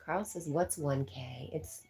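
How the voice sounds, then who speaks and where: A middle-aged woman hosting a livestream from home on a laptop mic. She chats casually, reads viewer comments aloud and laughs often, clearly amused by herself. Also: sits low, takes it slowly, dark tone, soft background music, low-quality recording. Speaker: livestream host.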